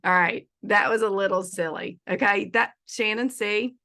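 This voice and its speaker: Bright, chatty woman teaching. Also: medium pitch, a little slow. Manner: chatty and playful, laughs often, says y'all. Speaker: feng shui consultant teaching an online class. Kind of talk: casual online presentation. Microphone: video call.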